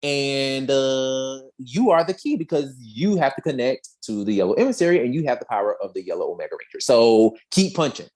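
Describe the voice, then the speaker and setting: A podcast co-host recapping an episode in a casual, animated way, full of slang and acted-out quotes. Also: mid-range voice, fairly quick, few pauses.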